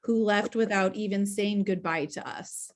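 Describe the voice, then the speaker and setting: A woman voicing a guarded grown woman who speaks softly and carefully. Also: mid-range voice, a little slow, close to an everyday voice. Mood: tender. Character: quiet guarded adult woman opening up.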